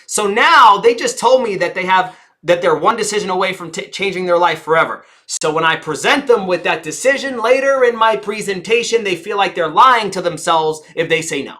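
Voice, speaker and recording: Bright, theatrical woman coaching speakers. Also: mid-range voice, animated. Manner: theatrical, shifts pace and volume on purpose, dramatic pauses; engaging, asks the audience questions. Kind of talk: live teaching talk to an audience.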